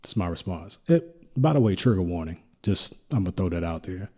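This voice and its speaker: Deep, mellow-voiced man telling a story. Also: sing-song, slightly rough. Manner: reflective, halting with restarts. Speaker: podcast host. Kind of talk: personal storytelling.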